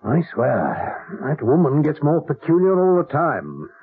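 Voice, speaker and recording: An actor playing a pompous, stern lord of the manor in a 1970s radio drama, with a raspy, blustering voice. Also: male voice, a little high, huge pitch swings, measured pace, exaggerated voice. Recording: lo-fi old radio broadcast.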